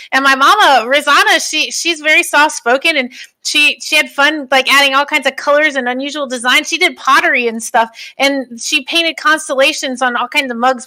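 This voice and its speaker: A woman's voice: high-pitched, bright, forceful tone. A woman role-playing a curious, flustered young female adventurer who stammers and rambles.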